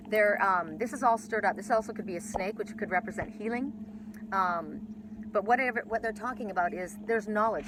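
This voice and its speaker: A woman's voice: medium pitch, background noise. A woman giving a casual spiritual oracle card reading, rambling with many restarts and casual swearing.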